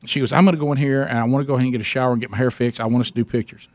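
In a casual storytelling chat, this medium-pitched talk-show host fires off a long comic tale about his family at rapid speed. He's an animated teller who restarts constantly and plays his wife's quoted lines, with no room sound in the recording.

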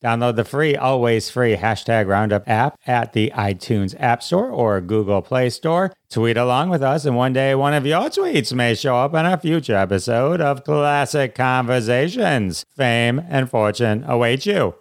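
An upbeat male podcast host with a smooth, resonant voice, recorded close and dry. He talks with eager enthusiasm and laughs easily. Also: mid-range voice, expressive, measured pace, few pauses, no room sound. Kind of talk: interview and show segments.

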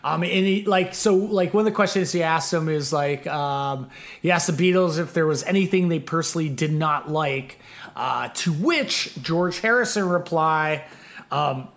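A slightly higher-voiced man hosts a podcast in loose, casual conversation. He rambles through his stories with lots of fillers and restarts, and he stays animated throughout. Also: moderate pace. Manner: animated, rambling, laughs easily. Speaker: podcast host. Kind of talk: casual chat.

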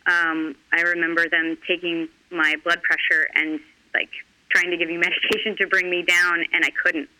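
A middle-aged woman talking candidly in an interview, earnest and halting with frequent restarts. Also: lowish voice, level tone, sharp tone, a little hiss or hum, rough recording. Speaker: guest.

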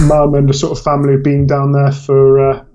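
A man's voice: mid-range voice, flat delivery, normal speed, dark tone. A man from Bristol with a mixed Bristol accent, a polite podcast guest who talks with hesitant ums. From Bristol, England. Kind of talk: casual interview.

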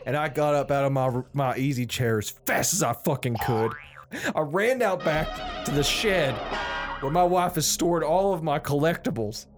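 A man playing a rage-prone husband obsessed with football, telling his story in a swearing, matter-of-fact deadpan. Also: fairly high pitch, natural voice. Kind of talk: deadpan comedic monologue.

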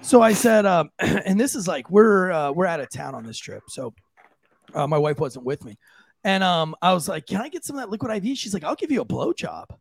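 Lively gravelly man telling a story. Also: moderate pace, no room sound. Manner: animated, jumps into high voices for quoted people. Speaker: podcast co-host. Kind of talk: casual storytelling chat.

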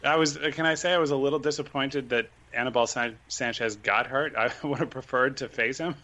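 A man talks casually as a podcast guest, with a bright, forceful tone. He rambles a little, full of fillers and restarts. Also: mid-range voice, fairly even intonation, a little fast, dull audio. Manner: chatty, self-deprecating, many fillers and restarts.

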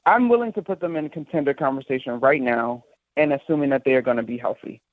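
A woman basketball broadcaster calling in as a guest, telling stories with lively enthusiasm. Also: a bass voice, quick pace, no echo. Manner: animated, enthusiastic storyteller. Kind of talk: casual sports talk on a call. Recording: tinny phone line.

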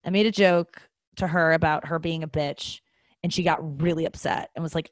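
A woman's voice: sits low, little pitch movement, fast talker, no echo. Rambling, candid woman podcast host. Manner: rambling, with many fillers and restarts; candid and self-mocking. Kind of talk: casual confessional monologue.

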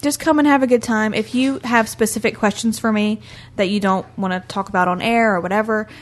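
Woman on a podcast, gentle reassuring tips, lots of soft ums. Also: medium pitch, fairly even intonation, a little fast. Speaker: podcast regular giving park advice. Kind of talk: casual podcast chat.

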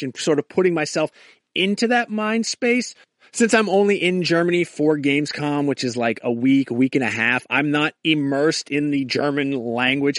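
A podcast host talks through a sponsor read in a loose, chatty way, joking and rambling as he goes. His voice sits a little high. The sound is dry and close. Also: a bit bright, no echo. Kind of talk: casual ad read.

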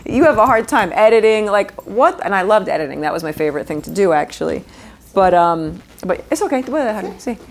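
A woman's voice: mid-range voice, expressive, fairly quick, creaky, a little hiss or hum. A middle-aged woman from New York, a guest actress telling stories at home in a casual interview, swearing freely and laughing mid-story.

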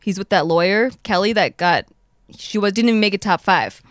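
A woman's voice: mid-range voice, brisk, no room sound, studio quality. A woman hosting a podcast, chatting casually in a playful, teasing way. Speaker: podcast host. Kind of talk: casual chat.

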